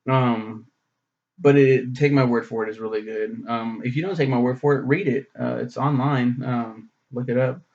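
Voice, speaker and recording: A man's voice: mid-range voice, fairly even intonation, moderate pace, darkish tone, highs cut off. A man casually reviewing a short story for his vlog, rambling and swearing, with many "um"s. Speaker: book reviewer.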